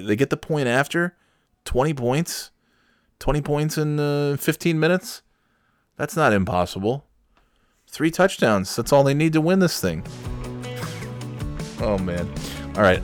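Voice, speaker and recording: A man hosting a casual solo podcast, signing off in a rambling, sarcastic and crude way with mock-sincere pep talk. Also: fairly low pitch. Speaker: podcast host. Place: at home on a Sunday night.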